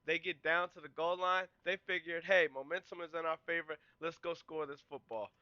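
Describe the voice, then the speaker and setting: A man hosts a podcast and talks through game film play by play in a casual, conversational way. His voice sits high and is very bright and smooth. The recording is close and dry, with a slightly dull, muffled top end. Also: moderate pace, dry recording. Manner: excitable, yells and cheers at big plays; explains plays in a relaxed, conversational way. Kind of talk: casual film breakdown commentary.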